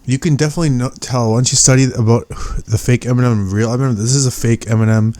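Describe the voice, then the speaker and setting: A man's voice: medium pitch, fairly even intonation, fast talker, mellow, no room sound. Rambling man with a dry close sound. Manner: rambling, filler-heavy, many restarts. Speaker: conspiracy video commentator. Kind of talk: casual rambling commentary.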